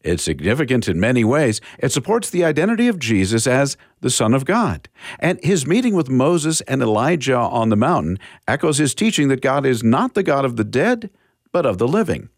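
Guy reading a show intro, very animated pitch, dead dry studio. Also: normal speed, no echo. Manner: announcer-like, reads smoothly. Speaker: program host. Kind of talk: scripted radio introduction.

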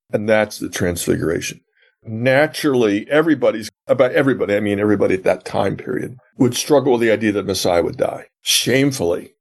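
A man's voice: mid-range voice, creaky, darkish tone, husky. A man who is a professor of biblical theology, answering interview questions and explaining a gospel passage like a teacher. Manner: earnest teacher, retells scenes with quoted dialogue.

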